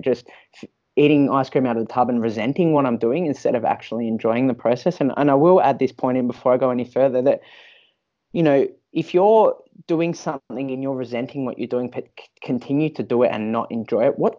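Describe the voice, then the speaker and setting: A man's voice: mid-range voice, mellow, dull audio. A man, a fitness professional, speaking as a podcast guest and sharing a personal story candidly, often restarting and repeating words.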